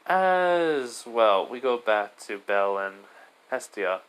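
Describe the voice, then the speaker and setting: A man's voice: mid-range voice, big pitch swings, takes it slowly, a bit bright, clean tone, low-quality recording. A young man narrates a fan-made story off the cuff. He stumbles, restarts and corrects himself as he goes. His voice sits in a plain middle register. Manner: rambling and hesitant, many fillers and self-corrections. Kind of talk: improvised fan-fiction retelling.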